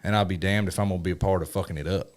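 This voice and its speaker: A fired-up man with a drawl, talking in casual podcast chat. His voice sits fairly low, and he cusses and punches his points with real emphasis. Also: steady tone, very fast, a little hiss or hum. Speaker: custom motorcycle shop owner.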